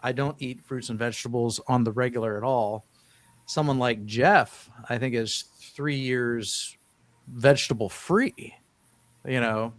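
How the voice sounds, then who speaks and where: A man hosts a casual live-stream chat at an everyday middle pitch. His voice sits close and dry, with no room sound. He rambles easily, restarting phrases and reading viewers' questions aloud. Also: measured pace, dry recording. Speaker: host.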